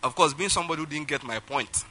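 A man with a Nigerian English accent preaching a sermon, telling a personal story with sudden swings between loud and soft delivery. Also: fairly high pitch, lively intonation, fast. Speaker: pastor.

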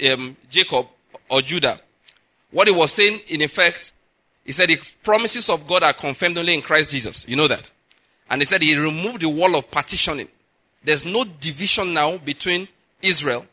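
Male pastor, middle-aged, high and sharply bright voice, emphatic sermon delivery. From Nigeria. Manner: emphatic, rises in pitch and volume to stress points.

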